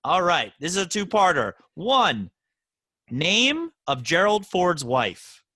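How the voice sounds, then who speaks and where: A man hosting a casual podcast, running a trivia quiz with a teasing, animated delivery. His voice is bright and lively, swinging widely in pitch, and it sounds close and dry with no room around it. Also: takes it slowly, no echo. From Baltimore, Maryland. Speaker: podcast host. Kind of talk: casual podcast chat, quizzing a guest.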